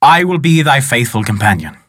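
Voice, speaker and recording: A man's voice: mid-range voice, very animated, a little fast, fairly bright tone, no echo, studio quality. A man voicing Woe, a lank, skeletal male spirit who is boastful and mocking and speaks in old-fashioned words, in a folk tale. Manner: archaic speech, teasing and boastful. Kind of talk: storytelling.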